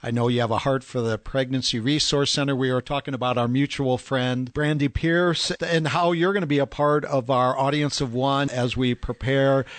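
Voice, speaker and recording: A man's voice: medium pitch, steady tone, normal speed, hardly any pauses, no echo. A man hosting a local radio talk show, friendly and affirming with his guest. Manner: friendly, affirming, plain-spoken. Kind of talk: radio interview.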